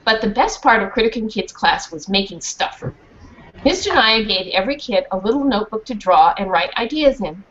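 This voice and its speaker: A woman reading a children's storybook aloud in a classroom, stopping to ask the children questions and check that they understand. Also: medium pitch. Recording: dull muffled recording with faint hiss.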